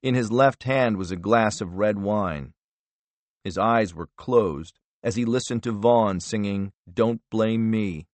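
A man narrating a thriller audiobook in a measured, low-key manner. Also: no echo. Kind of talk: scripted narration.

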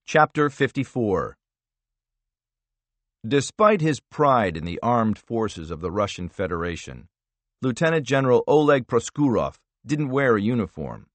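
Narrating a scripted thriller audiobook, a man with a mid-range voice keeps his delivery measured and expressive. The sound has no echo.

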